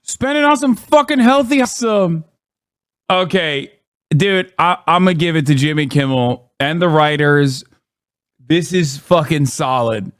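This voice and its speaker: A man's voice: fairly high pitch, expressive, unhurried, smooth, no room sound, clean studio sound. A man live-streaming, ranting in blunt, profane casual commentary and mocking what he reacts to.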